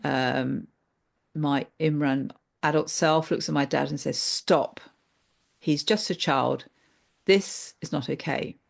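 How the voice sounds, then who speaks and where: A woman voicing an adult male therapy client, who recalls things slowly and haltingly. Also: low-pitched, vocal fry, heavily acted. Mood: protective.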